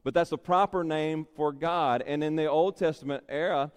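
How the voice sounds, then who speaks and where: A male pastor preaching a sermon, slow and emphatic, repeating key phrases and building in intensity. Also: fairly high pitch, fairly even intonation, smooth. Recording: long reverb in a large hall.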